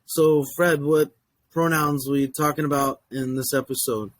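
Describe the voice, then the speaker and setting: Male co-host, a touch higher voice, dry close sound, brief prompting questions. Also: steady tone, unhurried, no room sound. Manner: prompting questions, short affirmations. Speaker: podcast co-host. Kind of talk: conversational grammar lesson.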